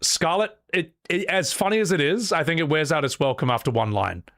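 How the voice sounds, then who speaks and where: A man's voice: fairly high pitch, a little fast, no room sound, studio quality. A man streaming a game and voicing its characters, chatting casually, rambling, swearing freely and joking at his own expense. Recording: loud game music behind.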